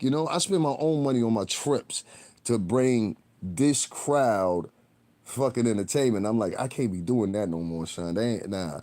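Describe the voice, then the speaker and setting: A man's voice: mid-range voice, darkish tone. A man ranting on a live stream, blunt and combative, cursing heavily and rambling straight at his viewers. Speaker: livestreamer. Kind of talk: profane live-stream rant.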